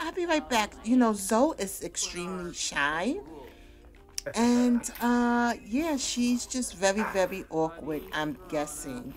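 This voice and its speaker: A woman giving casual, chatty let's-play commentary, laughing often and talking to her characters. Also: mid-range voice. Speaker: gaming YouTuber.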